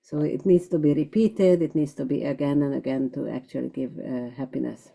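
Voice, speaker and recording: A woman's voice: a bass voice, steady tone, brisk, vocal fry, warm tone. A woman leading a scripture class, explaining terms step by step with frequent ums and uhs. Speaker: class teacher.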